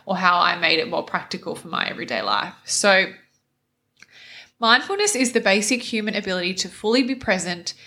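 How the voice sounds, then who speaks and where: A woman's voice: mid-range voice, big pitch swings, fairly quick, sharp tone. A young woman hosting a casual solo podcast, sounding nasal after recent nose surgery and chatting with lots of "like" and "kind of". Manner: chatty, uses many fillers like "like" and "kind of". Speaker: podcast host.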